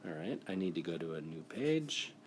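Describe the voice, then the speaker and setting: Speaking at a moderate pace, a very animated male teacher with a low voice walks through a spelling screencast, encouraging and patient at each step. Slight background noise comes through the device mic he uses for screen recording.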